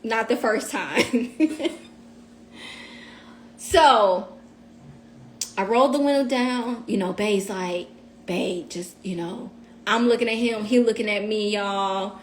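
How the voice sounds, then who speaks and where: A woman telling a story on a casual livestream. She is animated and profane, and talks straight to her viewers. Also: a little high, slow, pauses often, a little hiss or hum.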